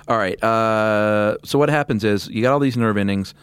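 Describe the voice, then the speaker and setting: A man's voice: fairly low pitch, measured pace, clean tone, no room sound, studio quality. A man co-hosting a podcast in casual chat, wry and teasing, often laughing as he tells stories. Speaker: podcast co-host.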